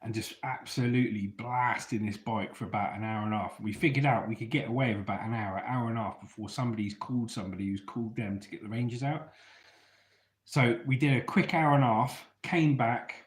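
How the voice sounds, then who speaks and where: A man's voice: medium pitch, brisk, roomy sound. Chatty man telling stories. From England. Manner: chatty, laddish, swears freely. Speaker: storyteller host. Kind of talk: casual storytelling.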